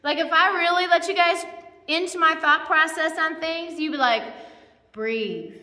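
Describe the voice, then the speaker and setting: A woman's voice: very high voice, steady tone, normal speed, bright, forceful tone. A woman pastor giving a casual, conversational sermon, chatty and self-deprecating with many asides. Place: church. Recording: echoey church hall with long reverb.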